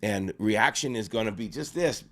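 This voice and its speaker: Pastor guy giving life advice in an interview, a bit low-pitched, keeps repeating himself and saying "right?". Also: normal speed, fairly bright tone. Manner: earnest, repeats himself and restarts phrases, tags points with "right?". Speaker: guest pastor and life coach.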